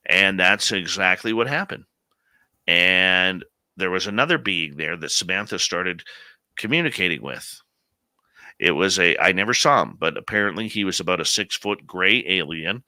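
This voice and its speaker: A man in his late forties hosting a live radio show, telling a story in an animated, conversational way. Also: low voice, moderate pace, clean tone, no echo. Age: late 40s.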